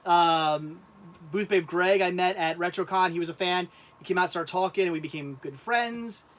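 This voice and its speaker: A man hosting a casual livestream, talking in halting, rambling bursts and laughing often. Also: high voice, fairly bright tone. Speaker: livestream host.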